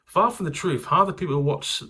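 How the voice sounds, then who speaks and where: A man's voice: on the high side, brisk, pushed and bright, slightly rough. A man hosting his channel, telling rambling stories, swearing and laughing at himself. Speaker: channel host. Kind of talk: casual anecdotal vlog.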